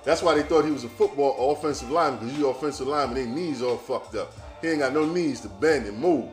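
An animated man holds forth in a casual podcast monologue, cursing freely and talking straight to his listeners. His voice sits at an ordinary middle pitch. The room is echoey and faint music plays underneath. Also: fast talker. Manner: loose, profane and animated, addressing listeners directly. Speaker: podcast host.

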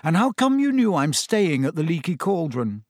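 A man in a near-natural voice plays a teenage boy wizard who talks plainly and a little defiantly. The voice stays close to the narrator's own, slightly higher, and dry. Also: sing-song, normal speed, dry recording. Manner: defiant, straightforward. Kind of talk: audiobook character voice.

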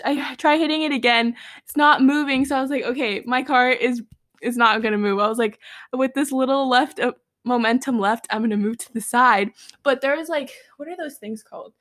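A young adult woman chatting with a friend, telling a long, animated story full of fillers. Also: sits high, fairly quick, no room sound. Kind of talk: casual chat between friends.

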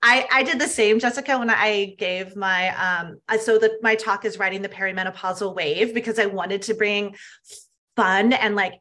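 A woman's voice: medium pitch, fairly even intonation, moderate pace, sharp tone. A middle-aged woman, a health coach, speaking earnestly and emphatically as a podcast guest and often adding "right?". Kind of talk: podcast interview.

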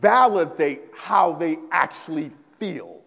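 A man's voice: fairly high pitch, animated, slow pace, gravelly, sharp tone, long reverb tail. A male pastor preaching a sermon in a church, emphatic and repetitive, often checking in with the congregation. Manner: emphatic preaching, repeats phrases, asks "right?" often. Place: church sanctuary.

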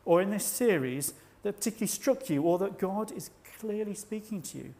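A man preaching a sermon at a church service, measured and reflective, slowing down to stress key words. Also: high voice, lively intonation, darkish tone. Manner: measured, reflective, slows for emphasis.

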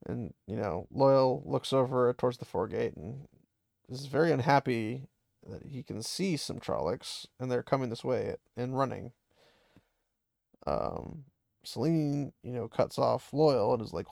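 A man's voice: mid-range voice, animated, measured pace, gravelly, a little mellow, no echo, studio quality. A man casually retelling a story in a loose, chatty way, full of fillers and small laughs.

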